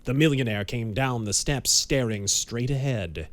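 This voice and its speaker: A man giving measured, dramatic narration of a pulp audiobook. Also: mid-range voice.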